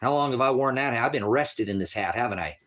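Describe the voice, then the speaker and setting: A man's voice: mid-range voice, animated, fast talker, fairly bright tone. A man on a ranch ranting angrily on a livestream, profane and taunting. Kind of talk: angry livestream rant.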